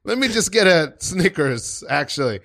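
Un homme qui joue un client hésitant qui s'excuse et cherche ses mots, son sec. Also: male voice, a little high, very animated, moderate pace, creaky, fairly bright tone, no echo, studio quality, heavily acted. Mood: timid. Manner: hesitant, apologetic, stumbling. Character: timid, awkward male customer.

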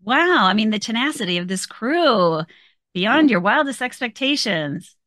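A bright, lively woman co-hosting a podcast over a remote call. She teases her co-hosts and laughs often, and her voice sounds dry and close. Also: on the high side, a little slow, no echo. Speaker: podcast co-host. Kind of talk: casual chat.

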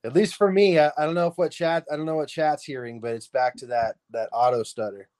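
A man's voice: on the high side, steady tone, a little fast, darkish tone. A young man guesting on a casual movie livestream, easygoing and joking, often laughing and calling people dude and man. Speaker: guest co-host.

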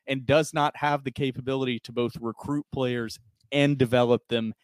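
A man's voice: medium pitch, fairly even intonation, moderate pace, no echo, studio quality. A young man co-hosting a podcast in casual chat, laying out timelines and arguments point by point. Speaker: podcast co-host.

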